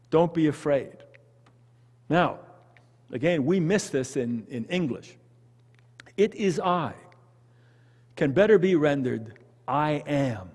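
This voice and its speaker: A man with a Canadian accent leading a church Bible study, talking in an animated, conversational way and putting questions to the group. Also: a little high, long reverb tail. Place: church hall.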